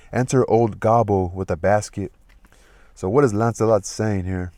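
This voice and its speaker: Low-voiced man reading a play aloud. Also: fairly even intonation, normal speed, a little mellow, no echo, clean studio sound. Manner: loose and chatty, swears casually. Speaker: reader and explainer of a play. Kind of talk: casual read-aloud with explanations.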